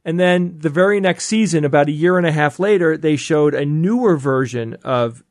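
A man with a slightly high voice chats eagerly on a podcast panel, often restarting his sentences as he explains. The recording is dry and close, with no room sound. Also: moderate pace, no echo. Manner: enthusiastic, explanatory, frequent restarts. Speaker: podcast co-host. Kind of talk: casual panel chat.

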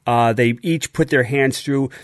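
A man co-hosts a podcast and presents a science segment. He is enthusiastic and slips in jokes as he goes. His pitch is ordinary, and the recording is dry and close. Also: measured pace, no room sound. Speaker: podcast co-host. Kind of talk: casual chat and segment presentation.

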